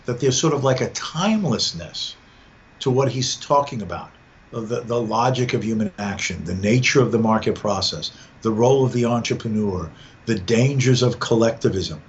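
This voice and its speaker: A man's voice: on the low side, expressive, normal speed. A man talking through ideas in a podcast conversation, often repeating words as he gathers his thoughts. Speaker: podcast guest. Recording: dull lo-fi sound with faint background noise.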